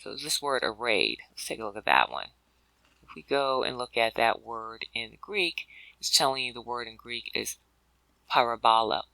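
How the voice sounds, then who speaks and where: A man talks through a scripture word study in a loose, conversational way, full of ums and restarts. His voice is gravelly and very bright, with a keen edge. The sound is close and dry, with no room echo. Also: mid-range voice, big pitch swings, moderate pace. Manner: conversational, with many fillers and restarts; addresses listeners as brothers and sisters. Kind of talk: explanatory video lesson.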